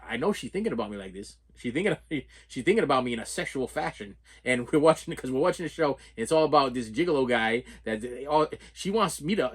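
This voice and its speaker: A middle-aged man casually telling stories while unboxing movies, animated, laughing often and stumbling over repeated words. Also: medium pitch, breathy edge. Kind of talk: casual storytelling vlog.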